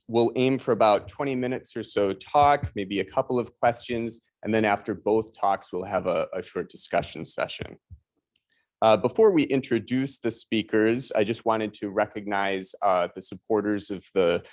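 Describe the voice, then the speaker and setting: Man, Chicago accent, lowish voice, seminar host, hesitant, lots of fillers. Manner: relaxed, hesitant with frequent fillers. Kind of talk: introducing speakers at an online seminar.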